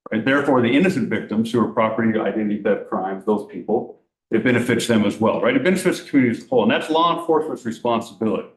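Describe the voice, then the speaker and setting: A man addresses a council meeting with earnest conviction, posing rhetorical questions and pressing his point. He talks at a brisk clip. His voice carries the echo of a large room. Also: lowish voice. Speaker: law enforcement speaker. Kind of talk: public presentation at a council meeting.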